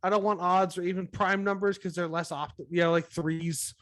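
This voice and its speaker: Man, high voice, tipsy, podcast co-host, sarcastic, sweary, animated storytelling. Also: a little fast. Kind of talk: casual podcast chat.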